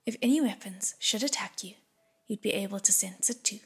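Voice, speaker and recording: A breathy-voiced woman voicing a patient young male prince who speaks softly and soothingly, in an audiobook. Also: high voice, normal speed, exaggerated voice. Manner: soft and soothing.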